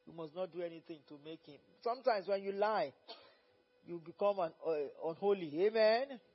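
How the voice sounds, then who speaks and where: A man preaching at a Bible study as pastor, fervent and repetitive, rising to loud exhortation. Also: sits high, moderate pace, breathy edge. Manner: fervent, repeats phrases, rises to loud exhortation. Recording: dull lo-fi recording.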